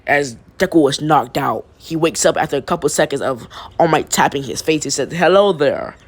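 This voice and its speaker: A man's voice: a little high, brisk, husky. A young man casually retelling a fan story, rambling with restarts and slang.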